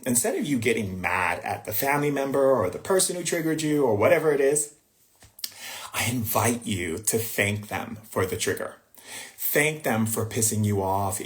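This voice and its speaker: A man with a fairly low voice leads a live-streamed spiritual talk. His delivery is loose and conversational, full of restarts and side remarks. At times he drifts into quiet muttering to himself. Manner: conversational and rambling, with restarts and asides; distracted by screen trouble, muttering to himself. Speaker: spiritual teacher hosting a livestream.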